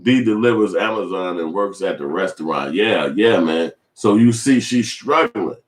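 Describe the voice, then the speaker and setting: With a deep voice, lively intonation and a moderate pace, a vlogger weighs in on a celebrity feud. His talk is casual, rambling and full of profanity, with bits where he acts out other people's voices. The room echoes noticeably.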